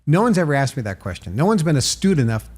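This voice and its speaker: An older man from Massachusetts, a podcast guest telling animated stories and acting out quoted dialogue with sudden jumps in pitch. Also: fast talker. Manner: emphatic, acts out quoted dialogue with raised pitch. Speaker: podcast guest, author and marketer. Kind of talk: animated interview storytelling.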